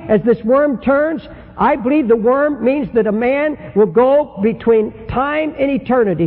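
Dramatic high-voiced preacher in a hall. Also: male voice. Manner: dramatic, acts out the people in his story, swings from shouting to hushed. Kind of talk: fiery sermon storytelling. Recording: lo-fi recording in a reverberant hall.

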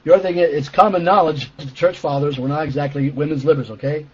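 Man, sermon teaching, earnest explaining, husky voice, dull lo-fi recording. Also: on the high side, steady tone, quick pace, a little mellow. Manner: earnest explanatory teaching with frequent "okay?" check-ins. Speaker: preacher.

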